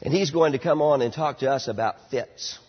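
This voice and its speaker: A man in his thirties preaching a sermon, emphatic and slowing down on key words, dropping to a quieter storytelling tone for anecdotes. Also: mid-range voice, breathy edge. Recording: dull lo-fi sound with long hall reverb.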